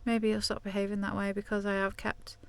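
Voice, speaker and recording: A woman's voice: medium pitch, monotone, fairly quick, creaky, clean tone, no echo. A woman talking candidly and chattily to camera in a casual vlog from inside her van. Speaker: vlogger.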